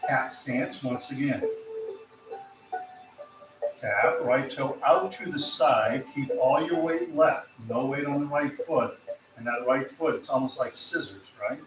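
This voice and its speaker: Male tai chi teacher, mid-pitched, steady counted cues, recorded from a distance in a reverberant room with music underneath. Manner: calm, counting out slow cues. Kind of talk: guided exercise class instruction. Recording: roomy, distant mic with music.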